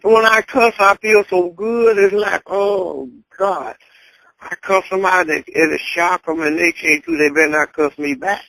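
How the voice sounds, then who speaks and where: Older woman, plainspoken storyteller, gravelly voice, chuckles through it. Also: lowish voice, fairly even intonation, moderate pace, few pauses, fairly bright tone, dry recording, rough recording. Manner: blunt, candid, chuckling as she talks. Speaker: interviewee. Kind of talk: casual storytelling.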